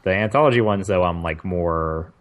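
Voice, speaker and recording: A man's voice: low-pitched, normal speed. A man co-hosting a podcast in casual chat, thinking aloud and circling back over his own words. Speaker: podcast co-host.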